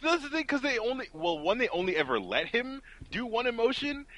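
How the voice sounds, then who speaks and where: Bright, wry male podcast co-host. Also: very high voice, very animated, fairly quick, no room sound, poor audio. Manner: wry and blunt. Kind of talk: casual chat.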